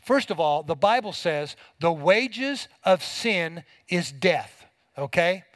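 A man with a high voice preaching a sermon in a folksy, emphatic way, leaning on homespun examples. He sounds middle-aged, and the sound is dry and close, with little room around it. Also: animated, slow pace, a bit bright, no echo, low-quality recording. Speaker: pastor.

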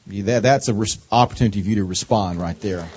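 Folksy preacher with a Southern drawl. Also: male voice, lowish voice, background noise. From North Carolina. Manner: folksy and joking, slow drawling delivery. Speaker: guest preacher. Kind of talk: sermon.

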